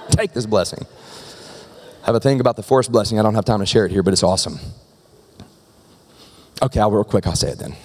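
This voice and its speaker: A man preaching a sermon in a lively, conversational way, often asking the congregation questions. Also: mid-range voice. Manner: animated, conversational preaching with rhetorical questions to the crowd. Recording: long reverb of a large hall.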